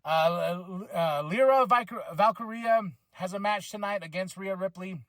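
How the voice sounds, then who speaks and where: A man hosting a podcast, recapping a wrestling show in an excitable, rambling way with many restarts. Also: sits high, dry recording. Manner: acts out wrestlers' lines in quick voices. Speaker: podcast host reviewing wrestling.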